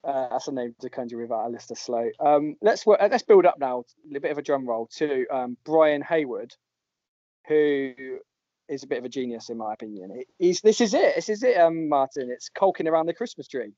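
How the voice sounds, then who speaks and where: A man's voice: medium pitch, animated, a little fast, warm tone, dry recording. A man hosting a podcast, chatting casually and laughing often as he reads out listeners' joke entries. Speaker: podcast host. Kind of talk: casual chat. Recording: dull lo-fi podcast audio.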